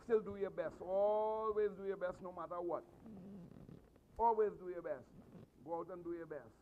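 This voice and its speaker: Animated Trinidadian man, high voice. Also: normal speed. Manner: animated, repeats phrases for emphasis. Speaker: martial arts instructor. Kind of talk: storytelling speech to students. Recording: slightly dull sound, faint noise.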